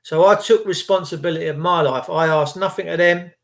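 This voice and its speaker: A man's voice: a little high, a little fast, creaky. A man giving an impassioned, rambling motivational monologue to camera. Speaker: vlogger.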